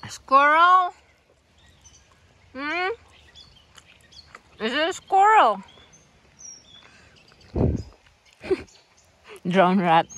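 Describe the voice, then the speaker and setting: A woman filming her dogs outdoors by a river, coaxing and praising them in a high sing-song voice. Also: very animated, extremely slow, long pauses, pushed and bright. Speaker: dog owner filming her pets. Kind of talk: casual vlog narration, talking to dogs.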